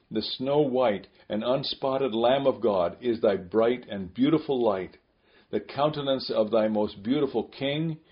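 A man giving a scripted devotional reading in a solemn, measured, prayerful way, on a dull lo-fi recording. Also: medium pitch.

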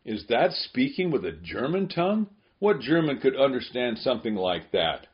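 A man's voice: medium pitch, big pitch swings, normal speed, dull audio. A man giving an audiobook reading of an old letter in an emphatic, rhetorical way, with scornful asides. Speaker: reader.

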